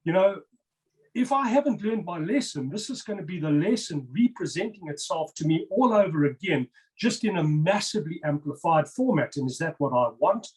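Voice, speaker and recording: A man's voice: on the high side, animated, normal speed, darkish tone, poor audio. Emphatic man explaining number patterns. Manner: emphatic and insistent, repeats words for stress. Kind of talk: interview, explaining over slides.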